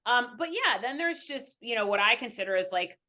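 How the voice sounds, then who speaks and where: Bright, earnest woman coach. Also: a little high, animated, a little fast. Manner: earnest, frequent "right?" tags, teacherly. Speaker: mindfulness and performance coach. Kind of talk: podcast interview, explaining.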